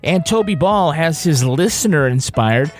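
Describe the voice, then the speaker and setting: Playful, animated podcast co-host man. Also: fairly high pitch, normal speed, faint music behind. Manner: jokey, playful, lively delivery. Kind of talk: casual banter and ad reads.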